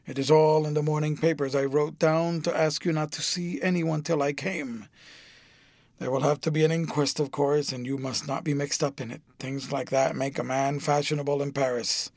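A man reading an audiobook, voicing a worldly, cynical aristocrat in an urbane, measured manner. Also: fairly high pitch, fairly even intonation, a little mellow, no echo, lightly acted. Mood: matter-of-fact. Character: worldly older aristocrat, cool, cynical, witty.

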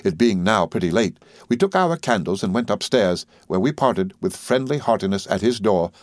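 A man narrating an audiobook in a measured storytelling manner. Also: on the low side, a little mellow, no room sound. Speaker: audiobook reader.

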